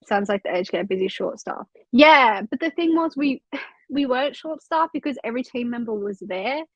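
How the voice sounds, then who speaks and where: A woman's voice: on the high side, animated, moderate pace, no room sound, lo-fi sound. A young woman hosting a casual reading livestream from home, chatting loosely, swearing freely and reading out chat comments. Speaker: livestream host of a reading sprint.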